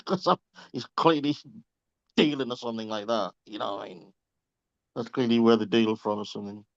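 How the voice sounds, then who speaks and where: Speaking at a normal speed with a creaky mid-range voice and long pauses, a reading group member swaps anecdotes on a group call. He's chatty, curses freely, and laughs as he goes. The call audio is dry, lo-fi, and slightly dull.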